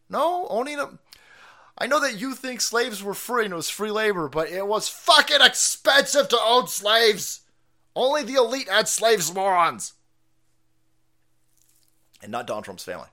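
A political commentary streamer, a man with a high voice, delivers a profane, mocking livestream rant. He's loud and very animated at a moderate pace, swinging between shouting and low muttering.

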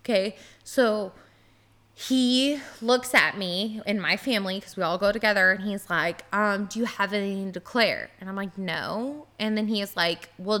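A woman in her thirties, a podcast co-host, telling a story in casual chat, animated and swearing freely, with lots of "like". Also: medium pitch.

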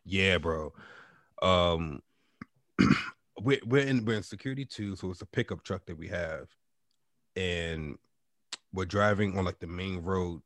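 A man co-hosting a casual chat, telling a story in a laid-back, drawn-out way with frequent fillers. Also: low voice, fairly bright tone, no room sound, studio quality. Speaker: podcast co-host.

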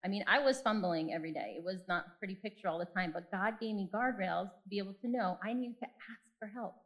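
A woman's voice: mid-range voice, fast, low-quality recording. Woman in her forties, faith talk, candid, self-deprecating, storytelling, mid-range voice. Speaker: speaker.

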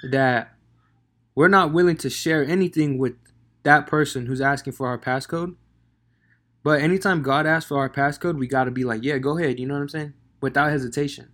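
A man's voice: fairly high pitch, a bit bright. A man giving a casual devotional talk on scripture, slangy and conversational with many fillers. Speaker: devotional speaker.

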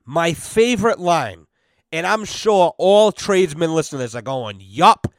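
A young man rants on his podcast, blunt and cursing freely as he tells exasperated stories. His voice sits a little high, and the close, dry recording has no room sound. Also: lively intonation, moderate pace, dry recording. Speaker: podcast host. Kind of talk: casual profane podcast rant.

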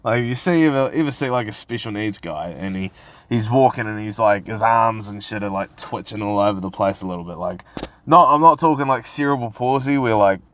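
A man's voice: on the low side, brisk, a bit bright. A man hosting a casual solo podcast, rambling and swearing as he tells stories. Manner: rambling, sweary, laid-back storytelling. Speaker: podcast host.

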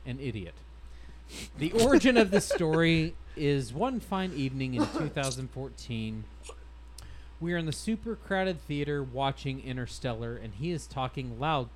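A man's voice: medium pitch, a little hiss or hum, rough recording. A man hosting a casual podcast, reading stories aloud in a wry, amused way and laughing as he goes. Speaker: podcast host.

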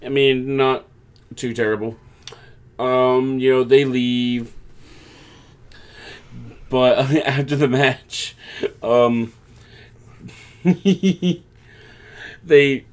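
A man's voice: mid-range voice, fairly even intonation, very slow, pauses often, clear, resonant tone. A man casually recapping a wrestling show, breaking into mocking voices to quote the wrestlers. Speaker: podcast co-host.

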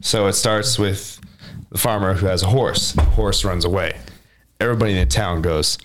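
A man's voice: deep voice, moderate pace. A man co-hosting a casual podcast chat, telling a parable and acting out the townsfolk's voices. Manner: animated storyteller, acts out townsfolk voices. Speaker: podcast co-host.

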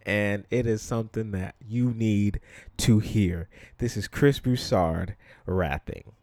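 A man's voice: lowish voice, takes it slowly, a little mellow, no echo. A man from the Bronx, New York, hosting a solo podcast in a conversational, blunt way, full of ums and you-knows. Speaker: podcast host. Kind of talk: casual solo podcast commentary.

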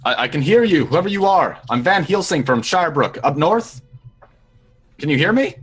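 Fields: Figure: a man playing an earnest monster hunter. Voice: husky, calling out. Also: a little high, expressive, normal speed, a bit bright, soft background music, pitched above the performer's own voice, full character voice. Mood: urgent calling. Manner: raised, calling out urgently. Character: bold human monster-hunter, earnest adventurer.

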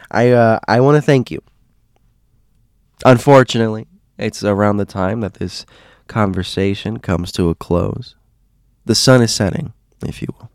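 Man, low voice, halting storyteller, repeats himself, dry close sound. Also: no room sound. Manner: halting, repeats words, soft and hushed at sad moments. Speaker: host. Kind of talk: casual storytelling.

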